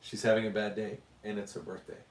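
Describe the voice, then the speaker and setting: A man's voice: fairly low pitch, level tone, fast talker, slight background noise. Chatty middle-aged man hosting a livestream. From Utah, US. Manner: chatty, reads viewer names aloud. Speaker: livestream host. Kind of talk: casual livestream chat.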